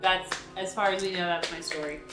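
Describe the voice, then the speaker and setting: A woman's voice: on the low side, steady tone, fairly quick, roomy sound, distant mic, loud music behind the voice. Playful woman at a game table. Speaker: player. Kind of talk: casual tabletop play.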